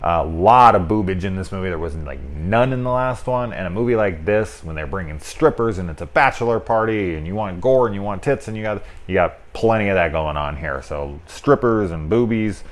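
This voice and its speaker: A man's voice: sits low, lively intonation, fairly quick, hardly any pauses. A man giving a casual spoken movie review, rambling with lots of filler words and swearing, amused by the film.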